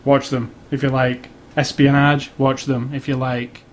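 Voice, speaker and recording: A man's voice: medium pitch, flat delivery, a little slow, a little hiss or hum. A man hosting a casual movie podcast, dry and sarcastic, often restarting his sentences. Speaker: podcast host. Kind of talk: casual chat.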